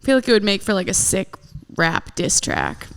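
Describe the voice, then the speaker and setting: A woman's voice: mid-range voice, wildly swooping pitch, moderate pace, gravelly, clear, resonant tone, long reverb tail. A woman co-hosting a podcast in casual chat, blunt and profane in her banter. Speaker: podcast co-host.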